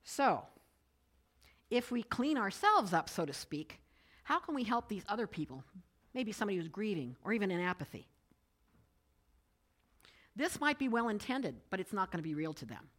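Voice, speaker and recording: Middle-aged woman speaker, bright and expressive, talk to a live audience. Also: mid-range voice, moderate pace, pauses often. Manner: lively storytelling, rising with excitement in anecdotes. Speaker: speaker giving a talk to a group.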